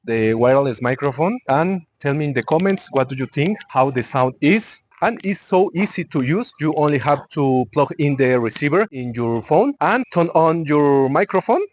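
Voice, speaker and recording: A man's voice: a little high, expressive, moderate pace, few pauses. Earnest Mexican man vlogging outdoors. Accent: Mexican Spanish. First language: Spanish. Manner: earnest, searching for words with restarts. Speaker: travel vlogger. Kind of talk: walking vlog, learner's English. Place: outdoors in a city park and along a busy avenue. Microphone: smartphone mic, then a clip-on wireless mic. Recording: phone recording with faint street noise.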